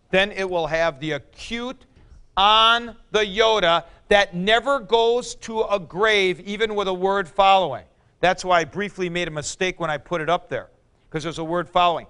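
A man teaching a Greek grammar class in a classroom, explaining slowly and calling on students by name. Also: sits high, a bit bright, clear, resonant tone. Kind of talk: classroom lecture.

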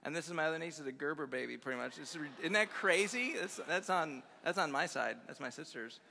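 A man's voice: a little high, a little fast, vocal fry, pushed and bright, slight background noise. A man giving a conference sermon to college students, upbeat and effusive, chuckling through personal stories. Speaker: guest speaker at a college chapel conference. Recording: long reverb of a large hall.

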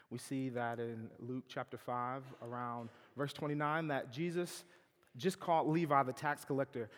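A man preaching a sermon in a campus chapel, swinging from loud emphatic quotes to soft asides. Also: on the high side. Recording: long hall reverb.

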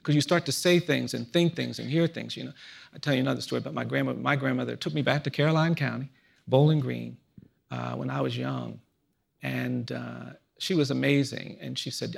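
A man in his fifties speaking earnestly in a reflective conversation, telling personal stories in a measured way that often drops to a hushed, low voice. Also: steady tone, gravelly, slightly rough. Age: 50s. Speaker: guest speaker.

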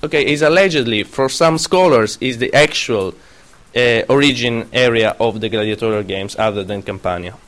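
A man's voice: medium pitch, moderate pace, fairly bright tone. Man lecturing and quizzing a class. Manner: questioning, self-correcting.

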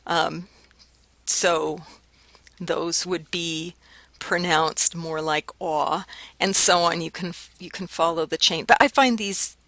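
A woman's voice: on the low side, steady tone, slow, pushed and bright, no room sound. A woman instructor giving a casual, explanatory recorded linguistics lecture, with fillers and restarts.

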